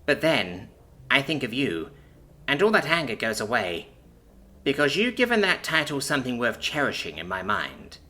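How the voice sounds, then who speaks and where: A man's voice: medium pitch, sing-song, normal speed, sharp tone, voice pushed up. A man voicing a young alien princess who speaks nervously but sincerely, hesitant and emotional. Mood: earnest. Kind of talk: audiobook character voice.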